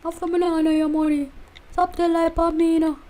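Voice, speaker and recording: A woman's voice: extremely high pitch, flat delivery, quick pace, warm tone. A woman with a Jamaican accent voicing a defensive woman who denies an accusation in patois.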